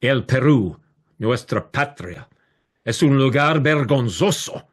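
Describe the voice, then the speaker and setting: A man's voice: mid-range voice, expressive, a little slow, voice pushed up. A man voicing a fiery male street orator making an impassioned speech, recorded over a video call. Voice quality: impassioned, declaiming. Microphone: video call microphone.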